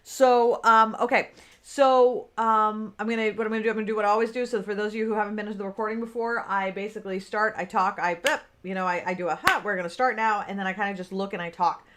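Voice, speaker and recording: A woman's voice: medium pitch, little pitch movement, quick pace, a bit bright, slight background noise. A woman in her forties coaching business owners on a livestream. She talks off the cuff, chatty and loose, full of fillers. Now and then she greets viewers by name. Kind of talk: unscripted livestream talk.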